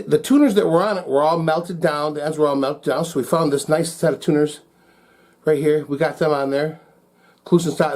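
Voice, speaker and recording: A man's voice: on the high side, darkish tone. A man narrating casually in his guitar repair workshop, folksy and easygoing, talking to himself and the viewers as he works. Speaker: guitar repair shop owner.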